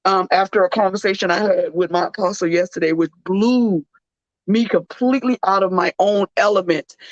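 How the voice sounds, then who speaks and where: A tired woman hosting a faith-based talk show, speaking emotionally and haltingly with many restarts, close to tears. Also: medium pitch, no room sound, poor audio. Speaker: radio show host.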